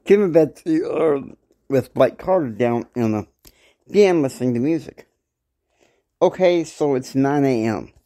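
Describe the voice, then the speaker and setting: Slow rambling guy retelling a story, mellow dark voice. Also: medium pitch, animated. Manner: rambling, many fillers and restarts.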